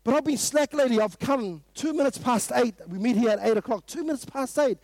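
At a morning prayer meeting, a man with a New Zealand accent preaches emphatically, repeating rhetorical questions and occasionally rising to a loud burst. His voice is very high-pitched and fairly quick, with no room sound.

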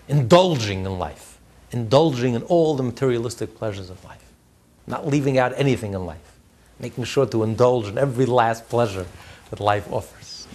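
Husky man giving an animated lecture. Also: medium pitch. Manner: animated, swings between loud and quiet, frequent chuckles, repeats words. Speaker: teacher. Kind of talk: religious class lecture.

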